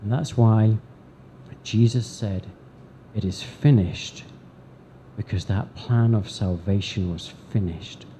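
A man preaching a sermon to a congregation in church, deliberate, with dramatic pauses and emphatic swells. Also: fairly low pitch, mellow, a little hiss or hum. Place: church service before a congregation.

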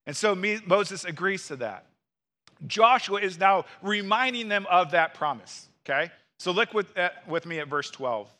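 A man preaching an earnest expository sermon, explaining a passage with quick asides. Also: high-pitched, lively intonation, sharp tone. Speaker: pastor.

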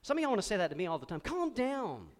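Guy preaching to his church, high smooth voice, gets the crowd to say words back. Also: rapid-fire. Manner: animated preaching with call-and-response to the congregation. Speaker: pastor. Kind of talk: sermon. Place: church sanctuary before a congregation.

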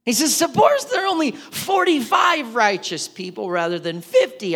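A man delivers a sermon with a bright, high voice that leaps and falls all the way through. He acts out every side of the dialogue as he tells it. His voice rings through a hall with a long echo. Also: normal speed. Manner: animated storytelling, acting out both sides of the dialogue. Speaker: pastor.

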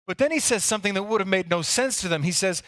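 A man's voice: high voice, animated, quick pace, fairly bright tone, no room sound, studio quality. A man preaching a sermon, telling the story earnestly and sometimes repeating words as he goes. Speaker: pastor.

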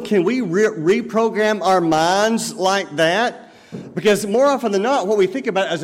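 A man's voice: high-pitched, unhurried. A man preaching a sermon as pastor, in a conversational way full of everyday examples. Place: church sanctuary. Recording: long reverb of a church hall.

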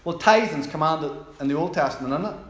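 A man's voice: a little high, expressive, fast, a bit bright, reverberant. A man preaching a sermon in a conversational way, asking the congregation questions.

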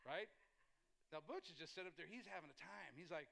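Animated man preaching a sermon. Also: fairly high pitch, brisk, creaky. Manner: animated, conversational, emphatic. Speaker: pastor.

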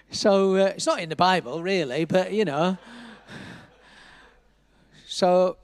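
Male pastor, storytelling sermon; high voice, repeats words, booming hall reverb. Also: slow pace, long pauses. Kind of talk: sermon testimony. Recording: echoey hall.

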